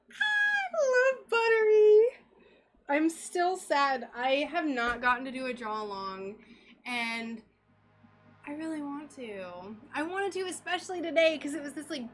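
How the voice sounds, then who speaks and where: Bubbly woman craft streamer, high voice, unhurried delivery, soft music behind. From United States. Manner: bubbly and chatty, greets viewers warmly by name. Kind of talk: casual live-stream chat while painting glass.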